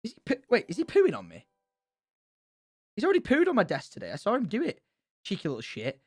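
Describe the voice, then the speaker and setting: A young man chatting casually on a stream, animated, swearing freely and laughing often. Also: high voice, quick pace, soft background music.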